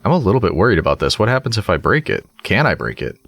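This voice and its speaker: A man's voice: fairly low pitch, sing-song, fast, vocal fry, fairly bright tone, no echo. A young man giving casual, chatty commentary as he plays a video game, now and then cooing at animals. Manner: chatty, talks to animals in a sing-song coo. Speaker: gaming YouTuber.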